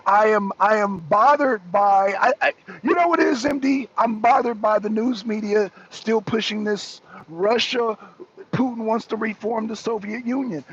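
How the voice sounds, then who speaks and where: Excitable, gravelly high-voiced male host. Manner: excitable, argumentative, keeps pressing the same question. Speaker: talk show host. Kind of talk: heated political talk. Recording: dull lo-fi recording.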